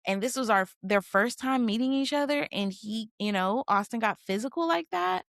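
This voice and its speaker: A woman's voice: on the high side, lively intonation, moderate pace, vocal fry, no echo, studio quality. A woman co-hosting a podcast, giving her opinions casually and thinking aloud with many fillers. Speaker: podcast co-host. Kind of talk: casual discussion.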